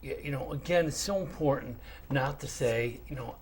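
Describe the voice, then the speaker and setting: A man's voice: medium pitch, normal speed. A man in his sixties hosting a casual interview, chatty and sympathetic as he asks his guests questions. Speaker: talk show host.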